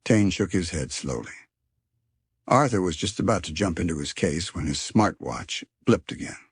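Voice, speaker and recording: A man narrating a children's storybook in an expressive reading voice. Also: low voice, moderate pace, breathy edge, dry recording, studio quality.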